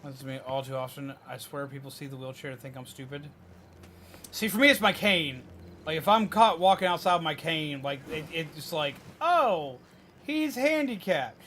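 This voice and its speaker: This young man streams a game while ranting openly, swearing freely, and mocking people in put-on voices. His voice is fairly high and fairly quick, and there's a little hiss or hum on the recording. It's a casual, animated livestream rant.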